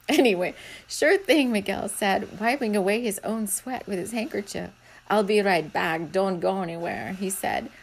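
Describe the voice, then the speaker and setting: A woman's voice: fairly high pitch, vocal fry, breathy edge. A middle-aged woman reading aloud from her own novel, often breaking into giggles and tripping over words.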